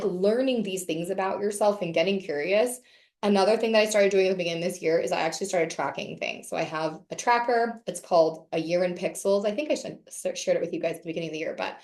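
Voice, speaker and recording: A woman's voice: on the low side, roomy sound. Chatty woman leading a video call. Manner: chatty, candid, swears casually. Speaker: wellness session leader. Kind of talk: casual group talk on a video call.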